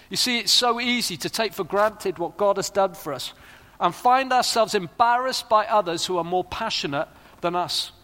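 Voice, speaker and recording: A man's voice: high voice, bright, forceful tone. A middle-aged man preaching a sermon, earnest and rising to fervent appeals. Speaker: pastor. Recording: long reverb of a large hall.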